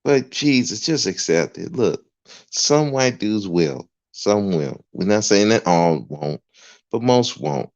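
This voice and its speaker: A man hosting a livestream, ranting emphatically and swearing freely. His voice sits very low, and the muffled lo-fi recording dulls its edges. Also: lively intonation, takes it slowly. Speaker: podcast host. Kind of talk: livestream rant. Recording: dull lo-fi recording.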